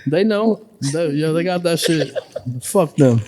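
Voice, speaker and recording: A man from Buffalo, New York, talking as a podcast guest, telling his story in a profane, streetwise, animated way. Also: a little high, unhurried, a little hiss or hum. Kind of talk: casual storytelling chat.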